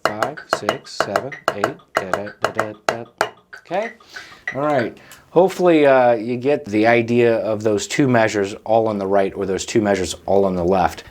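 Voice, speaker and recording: A man teaching a drum lesson, explaining patterns in a relaxed way and counting in, often checking in with "okay" and "right?". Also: on the low side. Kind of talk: instructional lesson, counting aloud.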